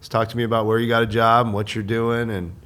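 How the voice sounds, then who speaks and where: Low-voiced male interview host. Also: flat delivery, fast, a bit bright, clean tone. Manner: easygoing, prompting questions with short affirmations. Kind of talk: casual interview chat.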